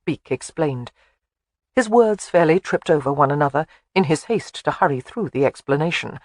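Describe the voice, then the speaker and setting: Expressive audiobook narrator. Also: mid-range voice, moderate pace, dry recording, studio quality. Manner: expressive storytelling.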